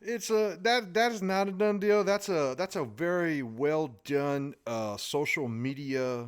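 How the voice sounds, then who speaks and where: A man's voice: on the high side, measured pace, clean tone. Male podcast host, drawl, folksy, joking, casual interview chat. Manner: joking, folksy, lots of restarts.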